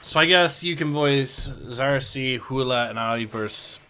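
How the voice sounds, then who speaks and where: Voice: mid-range voice, takes it slowly, bright, forceful tone, smooth. A guest on a livestream, chatting casually and hesitantly, trailing off at the ends of thoughts.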